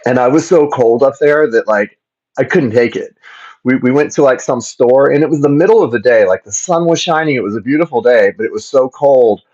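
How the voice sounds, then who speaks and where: A man's voice: mid-range voice, brisk, a little mellow. A man from Florida hosting a casual tarot livestream from his home, chatting and rambling, often repeating words and greeting viewers by name. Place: home, indoors. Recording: slightly dull livestream audio.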